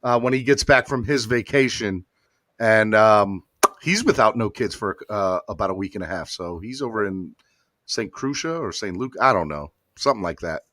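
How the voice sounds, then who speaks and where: A man hosting a casual live sports podcast, excitable and emotional, talking with many fillers and restarts. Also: fairly low pitch, normal speed. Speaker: podcast host. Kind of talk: casual live-stream chat.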